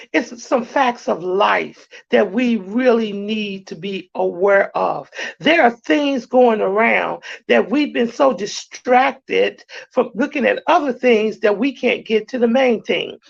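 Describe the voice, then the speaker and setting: A woman's voice: fairly high pitch, creaky, dry recording, lo-fi sound. A woman host who speaks in a declamatory, preaching way, chanting a repeated refrain. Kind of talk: spoken-word preaching and show talk. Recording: loud music bed under voice. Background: loud music.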